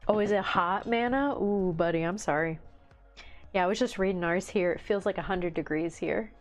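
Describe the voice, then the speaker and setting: Woman, stream host, Southern twang, worn out, easy laughter, lowish voice, soft music behind. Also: moderate pace. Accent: rural American Southern. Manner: laughs often, chatty and easygoing. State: tired. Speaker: livestream host. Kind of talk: casual chat reading viewer comments.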